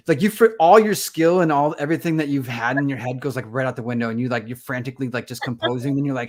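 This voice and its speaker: Speaking quickly with few pauses, this man has a mid-range voice and chats casually as an interview guest. A conservation photographer, he tells stories with animation, acting out how he reacted.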